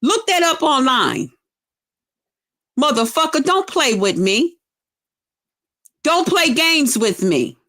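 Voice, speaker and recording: A middle-aged woman vlogger in a loud, profane on-camera rant, taunting and emphatic. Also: high voice, big pitch swings, slow pace, pauses often.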